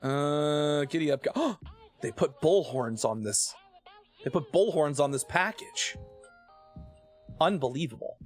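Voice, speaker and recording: A man streaming a video game, chatting and joking excitably, easily startled. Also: on the high side, slow, long pauses, faint music behind. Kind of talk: live game commentary.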